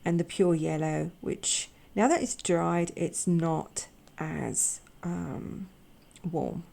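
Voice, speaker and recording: A woman hosting an art channel, chatting casually with a croaky voice, gushing and halting with repeated words. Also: lowish voice, fairly even intonation, dark tone. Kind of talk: casual chat.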